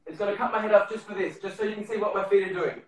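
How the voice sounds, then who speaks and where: Over a video call in a very echoey room, a male dance instructor teaches a routine, counting the beats and scatting the steps with sung syllables. His high voice races along with fairly even intonation.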